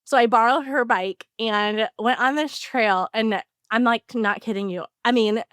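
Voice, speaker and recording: A woman co-hosting a podcast, telling an animated story in casual chat with lots of "like" fillers. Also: a little high, a little slow, clean tone, dry recording, studio quality. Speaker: podcast co-host.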